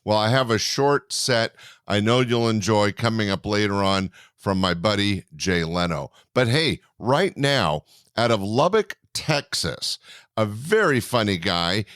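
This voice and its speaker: A man's voice: lively intonation, unhurried, a bit bright, no room sound, clean studio sound. A man hosting a comedy podcast, introducing the sets in an upbeat promo manner. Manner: friendly, upbeat promo pitch. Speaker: podcast host and club owner.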